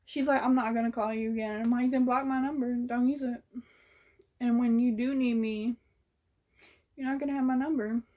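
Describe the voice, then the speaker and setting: A woman's voice: a little high, fairly even intonation, normal speed, long pauses, warm tone, lo-fi sound. A young woman telling a story in a casual vlog, blunt and sassy, swearing freely. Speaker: vlogger.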